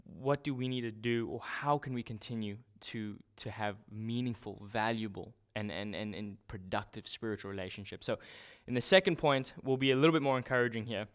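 A man preaching a sermon in a relaxed, conversational way, often restarting and using fillers. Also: on the low side, fairly quick, hardly any pauses, clean tone.

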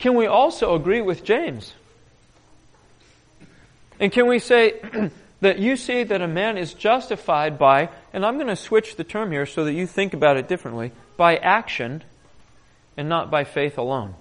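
High-voiced man teaching the Bible. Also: moderate pace. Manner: often clears his throat; animated storytelling. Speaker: preacher.

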